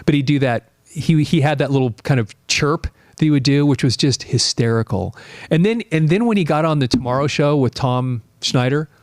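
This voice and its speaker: This live stream host is a man in his late fifties whose fairly high voice moves at normal speed. He chats in a rambling, animated way while reading out viewer comments, captured in a dry, studio-quality recording.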